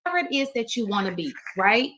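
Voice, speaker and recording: A woman with a high, bright voice argues on an online panel. Her pitch swings widely as she insists on her point and defends herself. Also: sing-song, fast. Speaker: panel guest. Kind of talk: heated panel debate. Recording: played clip of an online panel.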